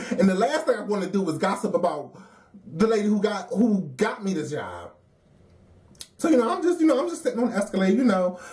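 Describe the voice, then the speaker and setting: A woman's voice: medium pitch, mellow. A woman, telling a casual work story, laughing often and acting out the voices of the people she quotes.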